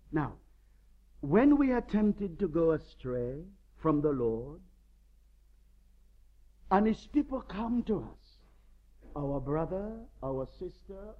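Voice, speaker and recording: A man's voice: a little high, muffled recording. A man preaching a sermon, telling stories dramatically and with emphasis.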